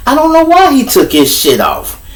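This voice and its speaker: A jittery, excitable male police officer, his voice pushed up high and cursing as he talks, as a man puts him on while telling a story. He sounds agitated and loud throughout. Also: normal speed, heavily acted. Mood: worked up. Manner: high-pitched, animated, profane.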